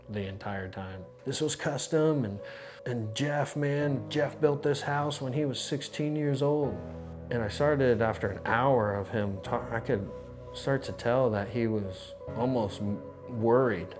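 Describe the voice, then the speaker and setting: A man, an insurance adjuster, telling his story for a documentary in a conversational, animated way with many restarts. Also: lowish voice. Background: music.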